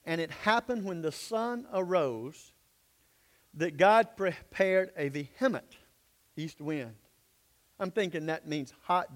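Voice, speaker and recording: A man preaching a sermon, acting out voices and swinging from hushed asides to loud outbursts. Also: sits high. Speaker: pastor.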